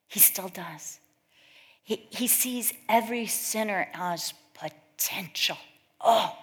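A middle-aged woman giving a sermon in a conversational, storytelling style, acting out quoted voices as she goes. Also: medium pitch. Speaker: speaker at a church gathering. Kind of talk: sermon with personal stories.

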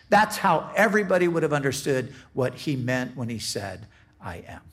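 A man preaching a sermon as a pastor, teaching in a slow, deliberate way and often restarting his phrases. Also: medium pitch, big pitch swings, a bit bright.

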